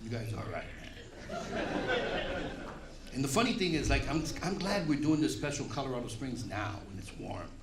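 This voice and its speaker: A man's voice: medium pitch, expressive, brisk, long pauses. A middle-aged man with a New York accent doing a stand-up comedy set, delivering brash, profane punchlines. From Puerto Rican, raised in the Bronx, New York. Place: comedy club stage. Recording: echoey live room with crowd noise. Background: audience laughter.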